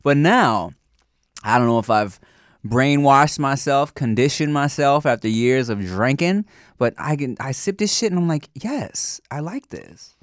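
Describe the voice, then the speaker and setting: Lively-voiced man, blunt podcast banter. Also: medium pitch, normal speed, dry recording, clean studio sound. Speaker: podcast co-host. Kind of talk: casual chat.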